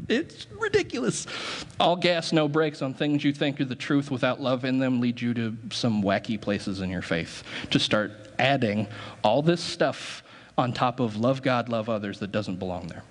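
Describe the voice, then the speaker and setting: A man's voice: medium pitch, big-room sound. A man preaching a sermon as pastor, talking conversationally, correcting himself as he goes, and laughing at his own asides.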